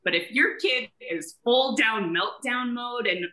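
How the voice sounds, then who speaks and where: Woman, podcast host, chatty, upbeat, bright voice. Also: fairly high pitch, a little slow, roomy sound, low-quality recording. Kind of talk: casual chat.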